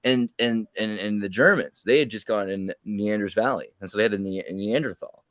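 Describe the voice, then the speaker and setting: A man's voice: lowish voice, normal speed, fairly bright tone, dry recording. A man telling rambling, jokey stories in casual chat, putting on mock voices for the people he quotes.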